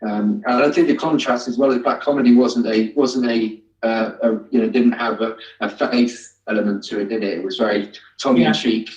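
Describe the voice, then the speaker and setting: Male guest, halting and hesitant, in an echoey room. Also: mid-range voice, steady tone, darkish tone. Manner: halting, many fillers and restarts. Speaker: guest, amateur actor. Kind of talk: casual interview chat. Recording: echoey, distant, dull sound.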